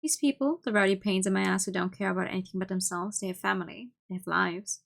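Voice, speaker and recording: A woman streamer reading a visual novel aloud, with expressive narration and playful asides. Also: medium pitch, fast talker, vocal fry.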